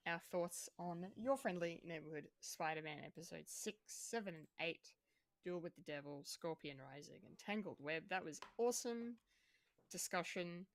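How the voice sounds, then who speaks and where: A woman hosting a casual podcast chat, bubbly and quick to laugh. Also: low voice, no room sound. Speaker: podcast host.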